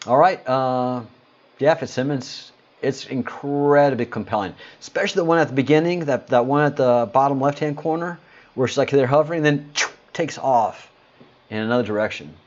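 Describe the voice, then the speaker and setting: A man's voice: medium pitch, a little fast, dull audio. A man hosting a casual livestream, greeting viewers and answering chat comments in a rambling, hesitant way with lots of fillers. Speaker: livestream host.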